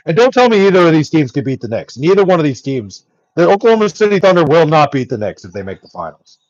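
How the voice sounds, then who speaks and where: A man's voice: on the high side, very animated, fast, a little mellow, no echo, muffled recording. A young man angrily ranting on a live stream, swearing nonstop and exasperated. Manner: angry, profane ranting.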